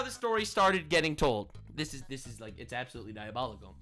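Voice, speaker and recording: Male commentator, sarcastic and animated, lively pitch. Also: a little fast, faint music behind. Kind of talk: reaction commentary.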